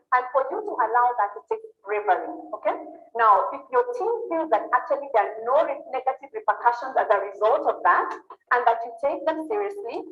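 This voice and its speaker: Woman, high-pitched, emphatic business speaker, roomy and dull event recording. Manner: emphatic, keeps checking the audience follows. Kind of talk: motivational talk to an audience.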